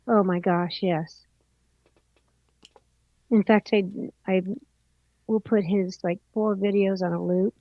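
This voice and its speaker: A woman with a gravelly voice speaks slowly as a guest artist on a livestream. Her enthusiastic remarks come through a dull, lo-fi line that sounds dry. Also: mid-range voice, steady tone, no echo. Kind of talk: casual livestream chat.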